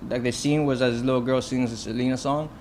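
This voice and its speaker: A man's voice: mid-range voice, steady tone, fast, darkish tone, a little hiss or hum. A man, a film director, telling stories from his shoots in a loose, casual way, with lots of "like", "you know" and swearing. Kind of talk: casual podcast storytelling.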